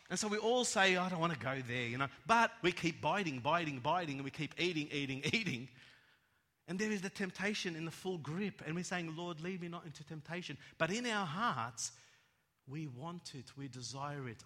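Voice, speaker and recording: Emphatic preacher in an echoing hall. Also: male voice, fairly high pitch. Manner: emphatic, repeats words, swings from loud to hushed. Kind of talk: sermon. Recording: echoey hall, long reverb.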